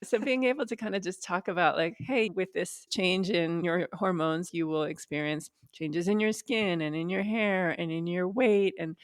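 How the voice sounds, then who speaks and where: A woman's voice: on the low side, moderate pace, hardly any pauses, no room sound, clean studio sound. A woman in her forties, a podcast guest, talking about women's health in an open, frank, matter-of-fact way. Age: 40s. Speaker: guest, perimenopause advocate. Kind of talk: podcast interview.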